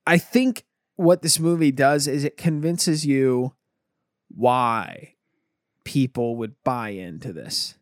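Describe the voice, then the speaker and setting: A man's voice: medium pitch, takes it slowly, no room sound, studio quality. A man in casual chat, telling stories animatedly and acting out the quotes. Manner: animated storyteller, acts out quotes.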